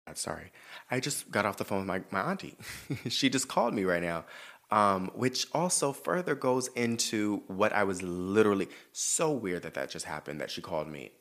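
A man hosts a podcast in a casual advice chat, his lowish, fairly bright voice very animated at a normal speed over slight background noise. He dishes out blunt, profane advice in a sassy, emphatic way, then turns earnest when talking about himself.

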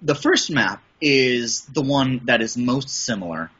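A middle-aged man from the Midwest with a bright but husky voice. He rambles enthusiastically through a casual interview, often restarting his sentences. The podcast audio sounds dull and lo-fi. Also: mid-range voice, lively intonation, unhurried. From American Midwest. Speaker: podcast guest, voice and audio producer.

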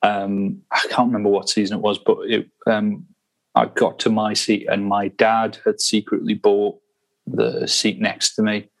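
A man with a fairly low voice co-hosts a casual football podcast. He talks through his memories in a relaxed way and laughs often as he tells them. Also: a little slow, creaky, poor audio. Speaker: podcast co-host. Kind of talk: casual chat.

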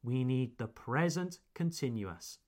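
A man hosting a podcast language lesson, slowly and clearly modeling example phrases for learners. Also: medium pitch, expressive, a little mellow. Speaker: English teacher and podcast host.

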